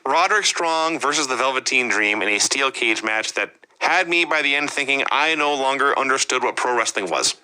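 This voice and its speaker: Bright-voiced dude running down the week's wrestling, dry and chatty. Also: male voice, medium pitch, expressive, moderate pace, hardly any pauses, smooth, poor audio. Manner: recapping events in a wry, storytelling way. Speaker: podcast co-host. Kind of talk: casual wrestling review chat.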